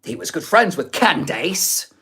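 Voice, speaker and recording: A man's voice: on the high side, very animated, measured pace, bright, forceful tone, slightly rough, exaggerated voice. A man doing an impression of a rich bald male influencer, putting on an exaggerated, odd accent that keeps slipping. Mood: mocking.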